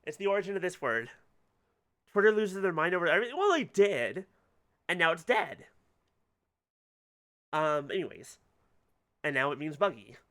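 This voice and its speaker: Chatty, bright-voiced game streamer. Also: medium pitch, lively intonation, normal speed, long pauses. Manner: chatty, rambling, laughs often. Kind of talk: casual let's-play commentary.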